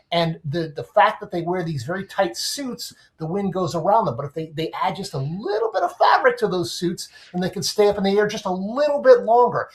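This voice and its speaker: In a casual podcast discussion, a male guest sports writer with a high voice explains things animatedly, leaning on everyday comparisons.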